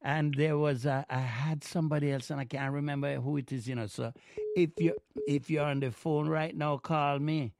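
Lively male community radio host. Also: on the high side, moderate pace, vocal fry, no room sound, studio quality. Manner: lively, teasing, drops into Jamaican phrasing. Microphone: studio mic.

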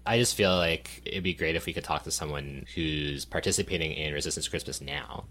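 A male podcast host with a very deep, low voice keeps the conversation moving in a brisk, plainspoken way. He speaks casually and directly. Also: fairly bright tone.

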